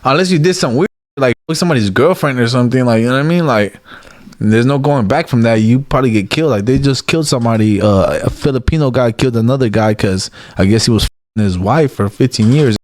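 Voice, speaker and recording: Here a man in a relaxed interview spins lively anecdotes, constantly dropping "like" and "you get what I'm saying." He talks fast in a mid-range voice.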